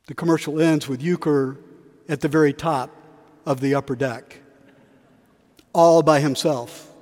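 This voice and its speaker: Preacher in a reverberant cathedral. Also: male voice, a little high, fairly even intonation, measured pace, darkish tone. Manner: storytelling, varied emphasis, acts out quotes. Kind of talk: sermon. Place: large cathedral.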